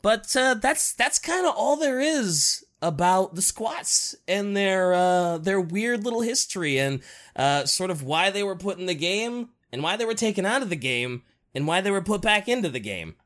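Man, casual chat host, lively swooping pitch, giggly, rambling, swears a lot. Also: moderate pace. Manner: animated, giggly, profane, rambling.

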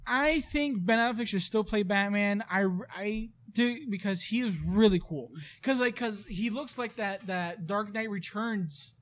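A young man in casual chat, excitable and laughing, with lots of fillers and swearing. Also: sits high, a little slow, few pauses.

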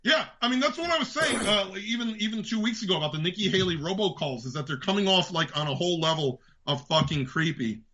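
A man's voice: high-pitched, fast talker, few pauses, pushed and bright. Heated, profane man with New York accent. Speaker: podcast host. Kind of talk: ranting political commentary. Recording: dull lo-fi sound.

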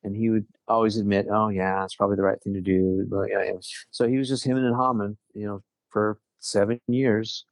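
A man's voice: on the low side, little pitch movement, fairly quick, no echo. A middle-aged man telling a personal story in casual conversation, earnest, often restarting his sentences. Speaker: guest.

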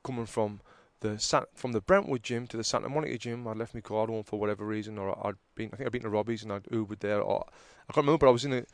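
A man, loose and chatty, who rattles through a story and gets loud when he plays out an argument. The sound is dry and close, with no room around it. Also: on the low side, racing, hardly any pauses, dry recording. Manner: animated storyteller who acts out arguments loudly. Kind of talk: casual chat, storytelling.

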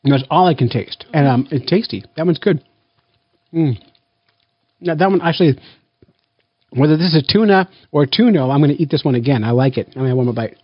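A man hosting a blindfolded family taste test in a casual, playful way, counting down loudly before each bite. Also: on the high side, lively intonation, brisk, long pauses, breathy edge, no room sound, muffled recording. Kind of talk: casual family vlog chat.

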